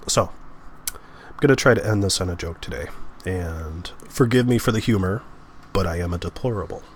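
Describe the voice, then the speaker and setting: A man with a fairly low voice delivers political commentary for a vlog. His tone is sarcastic, and he often sighs between points. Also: normal speed, slight background noise.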